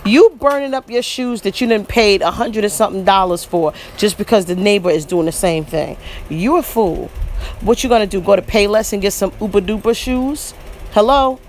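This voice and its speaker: A woman's voice: mid-range voice, normal speed, darkish tone, a little hiss or hum. A woman in her forties giving preachy vlog commentary, emphatic and repetitive, often breaking in with "listen" and "you know what I mean". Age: 40s. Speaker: vlogger.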